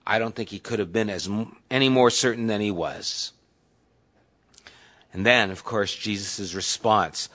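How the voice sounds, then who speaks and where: A man's voice: fairly low pitch, slow, pauses often, pushed and bright. A man teaching a Bible study class in a conversational way, putting questions to the group.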